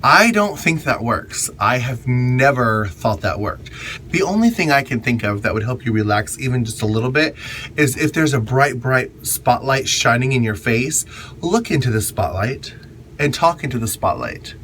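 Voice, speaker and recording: A man's voice: mid-range voice, expressive, moderate pace, fairly bright tone, slight background noise. A man who hosts drag shows, giving candid, chatty public speaking tips in a casual vlog, leaning on emphatic repetition. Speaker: drag performer and event host.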